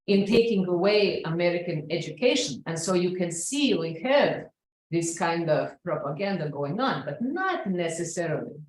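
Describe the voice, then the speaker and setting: A woman's voice: lowish voice, darkish tone, a little hiss or hum. A woman from the former Soviet Union with a Russian accent, giving an earnest public talk full of "you know"s. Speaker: speaker at an event. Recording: very echoey room.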